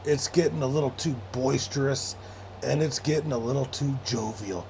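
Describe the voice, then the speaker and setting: A man's voice: medium pitch, moderate pace, a little mellow, a little hiss or hum. A young man hosting a late-night sports livestream, rambling and sarcastic, with frequent swearing as he reads chat aloud. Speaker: livestream host.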